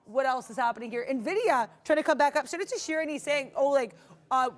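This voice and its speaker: A woman's voice: sits high, a little fast. Upbeat, rambling woman trading host. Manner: upbeat, rambling, many fillers and restarts. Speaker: day-trading stream co-host. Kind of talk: live trading commentary.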